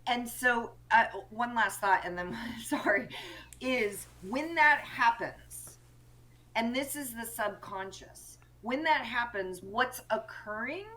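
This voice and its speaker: A woman's voice: a little high, fairly bright tone. A woman co-parenting coach, a guest on a podcast, explaining her point earnestly. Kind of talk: conversational interview.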